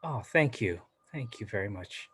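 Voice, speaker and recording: A man's voice: fairly low pitch, expressive, normal speed, fairly bright tone, slightly rough. A middle-aged man from southern Vietnam, an actor guest, chatting casually in an interview with many fillers and restarts.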